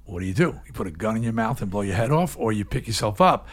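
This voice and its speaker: A man in his sixties, a guest in an interview, telling his story in a candid, animated way, from loud, emphatic bursts down to low, hushed asides. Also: fast.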